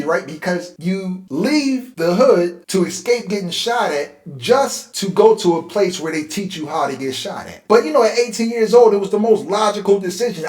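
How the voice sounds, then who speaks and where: A man in his forties from Philadelphia telling a personal life story in a casual, conversational way, getting animated when he relives tense moments. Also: sits high. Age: 40s. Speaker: host. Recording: roomy echo.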